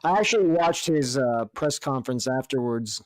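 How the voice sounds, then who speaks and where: A man's voice: medium pitch, lively intonation, moderate pace, no room sound. A man co-hosting a casual sports podcast, jokey and laughing often, with some swearing. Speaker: podcast co-host.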